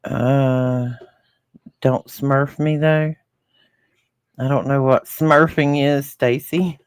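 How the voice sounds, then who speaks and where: A man's voice: mid-range voice, fairly even intonation, very slow, clear, resonant tone, no room sound, studio quality. A man with a rural Southern American accent, a podcast co-host chatting casually with live viewers and reading their comments aloud.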